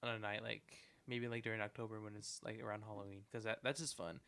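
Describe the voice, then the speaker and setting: A man's voice: lowish voice, level tone, fast talker, creaky, sharp tone, clean tone. A young man co-hosting a casual gaming podcast, rambling with lots of filler words. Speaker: co-host. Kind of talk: casual chat.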